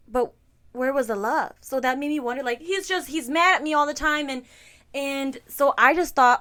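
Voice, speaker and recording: A woman co-hosting a casual podcast, speaking candidly and expressively. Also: high-pitched. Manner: expressive, quick affirmations, candid. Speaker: podcast co-host.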